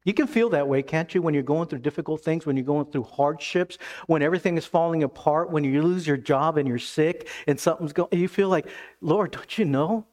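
A man preaching a sermon as pastor, emphatic, then dropping to hushed tones. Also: a little high, brisk.

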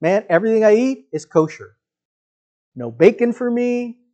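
A man's voice: high voice, big pitch swings, moderate pace, mellow, highs cut off, pitched above the performer's own voice. A man acting out Peter as an indignant grown man who protests and pleads, in a raised voice.

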